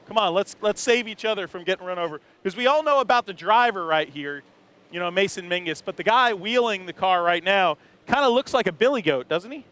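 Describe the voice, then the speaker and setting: High-voiced joking garage reporter. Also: male voice, expressive, a little fast, fairly bright tone, clean tone. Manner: jokey, chatty, laughs often. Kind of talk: roving live garage commentary. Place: outdoor race garage. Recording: noisy garage ambience.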